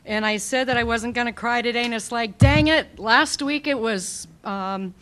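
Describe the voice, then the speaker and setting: A woman giving an emotional, heated public comment at a county meeting podium, speaking in halting bursts. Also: fairly high pitch, sharp tone. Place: county commission meeting room.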